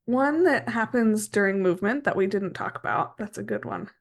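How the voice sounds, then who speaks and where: Middle-aged woman podcast host, chill storytelling, medium pitch. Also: moderate pace, gravelly. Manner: storytelling, relaxed. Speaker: podcast host, horse trainer. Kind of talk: casual chat.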